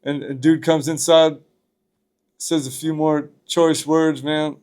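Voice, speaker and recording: Man, podcast guest, slightly high voice, casual profane storytelling, says bro a lot. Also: little pitch movement, slow pace, a little mellow.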